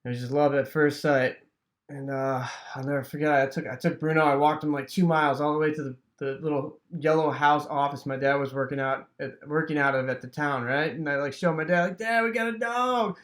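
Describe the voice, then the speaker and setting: A man with a fairly high voice from Wisconsin, telling a childhood story in a loose, rambling way. He leans on fillers and throws in sound effects like "boom" as he goes. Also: little pitch movement, fairly quick. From Wisconsin, USA. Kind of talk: casual personal storytelling.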